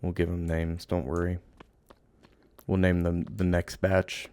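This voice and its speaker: A man giving let's play commentary, playfully cooing at game creatures and drifting into hushed, musing narration. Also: low-pitched, completely flat delivery, a little slow, clear, resonant tone. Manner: playful, coos and baby-talks at game creatures. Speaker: game streamer.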